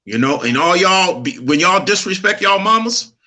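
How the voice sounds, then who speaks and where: A middle-aged man with a very bright, fairly high voice talks in a relaxed chat. He preaches earnestly and tells a personal story, laughing easily as he goes. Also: moderate pace. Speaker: podcast co-host.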